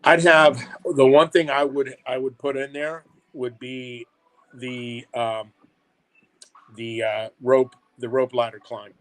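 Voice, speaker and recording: A man appearing as a podcast guest, answering in a halting way with many fillers. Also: medium pitch, little pitch movement, a bit bright, rough recording. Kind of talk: casual chat.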